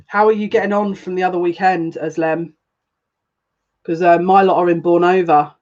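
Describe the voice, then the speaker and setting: A woman giving a live-streamed tarot reading, chatting with viewers, emotional and gushing, with excitable quick restarts. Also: lowish voice, dull audio. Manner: emotional and gushing, easily moved. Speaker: psychic tarot reader.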